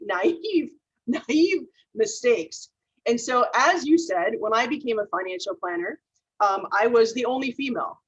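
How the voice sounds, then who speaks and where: A woman's voice: on the high side, husky, highs cut off. A woman speaker from Minnesota giving a motivational talk, telling personal stories earnestly and laughing at her own mistakes. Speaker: keynote speaker.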